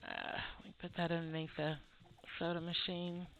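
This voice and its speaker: A woman's voice: lowish voice, level tone, normal speed, a bit bright. Laid-back woman half asleep narrating her game, thin lo-fi audio. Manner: drowsy, laid-back, chatty. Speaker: gameplay video host. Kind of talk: relaxed gameplay commentary. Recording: tinny phone-like audio with faint game music.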